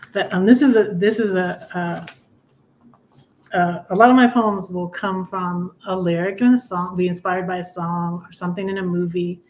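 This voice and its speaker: Soft-spoken middle-aged woman, low voice. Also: low-quality recording. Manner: soft-spoken and rambling, with frequent restarts. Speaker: livestream host. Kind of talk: casual livestream chat and poetry reading.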